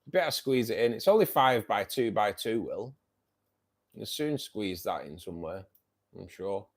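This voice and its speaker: A man's voice: on the low side, expressive, normal speed. A man hosting a fishkeeping livestream, chatting casually with viewers, joking and laughing often. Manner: jokey, laughs often, teasing. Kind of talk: casual chat reading viewer comments.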